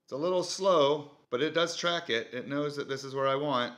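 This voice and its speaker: A man's voice: on the high side, moderate pace, a bit bright. A man hosting a casual product demo, easygoing and thinking aloud as he goes. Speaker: product reviewer.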